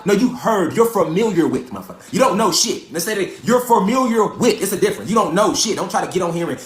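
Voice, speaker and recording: A man preaches to his livestream viewers in a profane, mocking rant. His voice sits high and the words tumble out fast. The phone audio carries a roomy echo. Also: expressive. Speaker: livestream host.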